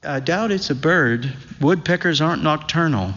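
A man reading literary fiction aloud in a slow, measured, reflective way, his voice at an ordinary pitch. The recording is dull and slightly muffled, and a long reverb trails behind each phrase. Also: lively intonation, a bit bright. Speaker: narrator.

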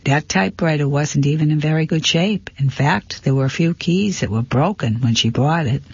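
A man's voice: on the high side, normal speed, gravelly, breathy edge, dry recording. Give me a man playing a flustered, muttering antique dealer, apologetic and fussy, with a dry, dull recording. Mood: chatty. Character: fussy middle-aged male antique dealer.

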